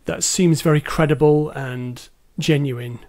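Male podcast co-host, fairly high voice, hesitant but enthusiastic, casual talk. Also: fairly even intonation, measured pace, darkish tone. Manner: hesitant, many ums, enthusiastic. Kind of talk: casual film discussion.

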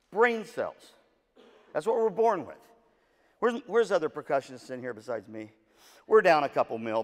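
A man whose voice is on the high side gives the keynote at a music educators' session, a motivational talk for music directors. An animated storyteller, he acts out the quotes and jokes with the crowd, recorded with long hall reverb.

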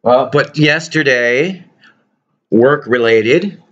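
A man's voice: medium pitch, takes it slowly, long pauses, lo-fi sound. A man vlogging casually to his viewers about his toy collection, rambling and joking. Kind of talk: casual chat to camera.

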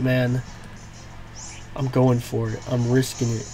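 Faint game music runs behind a young gaming YouTuber narrating his own gameplay live. His medium-pitched, darkish voice has little pitch movement and a measured pace, yet he swears, groans and erupts in frustration at setbacks.

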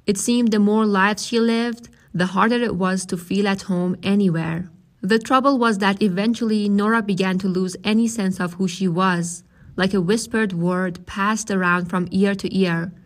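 A woman reads a novel aloud as its narrator. Her delivery is measured and steady, at a middle pitch. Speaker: audiobook reader.

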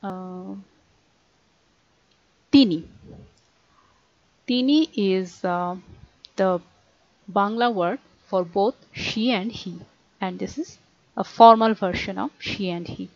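A young woman, teaching a grammar lesson online with careful explanations and frequent pauses to say uh. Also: medium pitch, no echo. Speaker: language teacher. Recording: dry, dull lo-fi recording.

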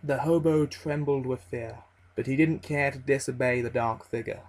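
A man reading a horror story aloud as its narrator, in a slow, measured and ominous delivery. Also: medium pitch, fairly even intonation, a little mellow, low-quality recording.

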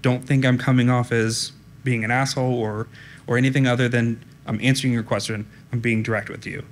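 A man giving a conference talk in a flat, direct, informal way, often saying "um". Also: mid-range voice, fairly quick, a little hiss or hum. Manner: direct, informal, frequent ums. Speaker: conference speaker. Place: conference room.

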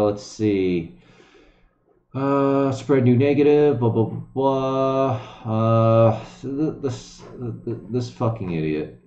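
With a lowish, dark voice, this man streams from home, reading the news aloud and ranting at it in casual, profane commentary full of swearing and mumbled asides. He uses a desk mic, and the echoey room gives a slightly dull lo-fi sound.

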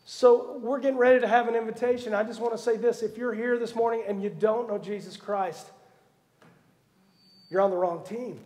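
A man preaching a sermon as pastor, telling Bible stories with humorous asides and a lively storytelling manner. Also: extremely high pitch, normal speed, in a large hall. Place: church sanctuary.

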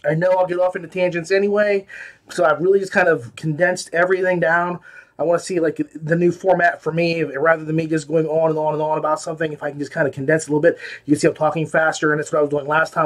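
A man talks through his audiobook reviews in a loose, unscripted way, circling back on himself and padding with fillers. His voice sits a little higher than most men's. It's easygoing podcast chatter rather than polished delivery. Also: flat delivery, fast, a bit bright. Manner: rambling, with many fillers and restarts. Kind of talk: casual spoken review.

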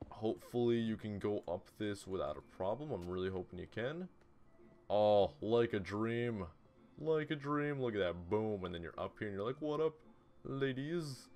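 Low-voiced man rambling while gaming. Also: a little mellow. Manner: casual, rambling self-talk with little hums and asides. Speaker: gaming video host. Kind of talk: relaxed game building commentary. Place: home room beside a TV. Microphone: desk mic, turned away from it.

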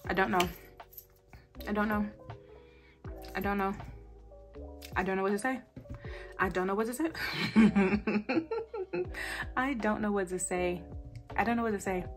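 A woman's voice: medium pitch, fairly even intonation, moderate pace, long pauses, soft background music. A young woman, a budgeting vlogger chatting to camera, emotional and close to tears, repeating herself. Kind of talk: casual chat to camera.

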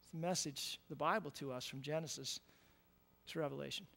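A male pastor preaching a conversational sermon, repeating words and checking in with "right?", moving between quiet and loud emphatic passages. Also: a little high, a little fast, vocal fry, big-room sound. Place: church sanctuary.

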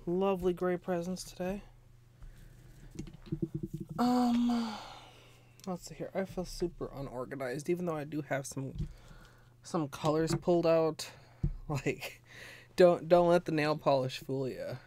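A woman streaming nail art, chatting casually and ramblingly with viewers while a bit under the weather, clearing her throat now and then. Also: low voice, a little slow, long pauses, warm tone, slight background noise. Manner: rambling, chatty, greets viewers, frequent laughs and fillers. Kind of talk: casual livestream chat.

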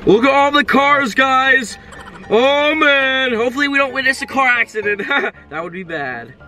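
A young man hosting a reaction video, excitable and exclaiming often, constantly addressing his viewers. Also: very high-pitched, moderate pace. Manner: excitable, exclaims often, keeps saying "guys". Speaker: reaction channel host. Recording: background music under voice.

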